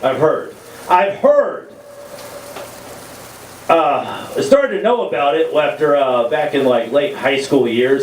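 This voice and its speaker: A man's voice: mid-range voice, a little mellow, echoey room, recorded from a distance, slight background noise, low-quality recording. A man doing a crude, rambling, self-mocking stand-up set into a stage mic at a live comedy venue. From Texas.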